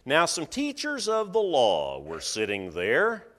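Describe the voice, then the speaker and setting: Male preacher, very expressive storyteller, echoing church hall sound. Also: on the high side, takes it slowly. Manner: animated storytelling, acting out voices of listeners. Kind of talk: sermon.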